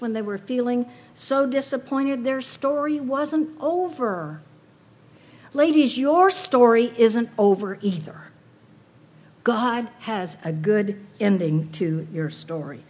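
Slow, husky woman preaching a sermon. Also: fairly high pitch, a little mellow. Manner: earnest, with rhetorical questions.

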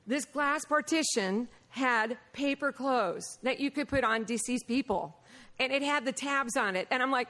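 A woman preaching a Bible lesson, mixing lively personal stories with scripture, and often laughing and acting out the voices of people in her stories. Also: a little high, moderate pace. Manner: animated, laughing, acts out quoted voices. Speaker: Bible teacher. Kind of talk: sermon with personal storytelling.

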